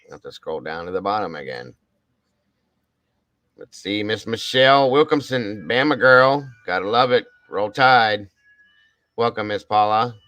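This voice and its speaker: A man's voice: fairly low pitch, expressive, measured pace, pauses often, no room sound, poor audio. A man hosting a casual livestream, reading out where viewers are from in a chatty, upbeat way with casual swearing. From Ohio. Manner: reads out viewer shoutouts, chatty. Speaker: livestream host.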